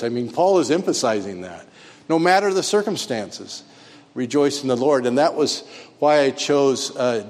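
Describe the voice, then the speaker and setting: Man, pastor leading a sermon, halting delivery full of fillers, long church reverb. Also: medium pitch, darkish tone.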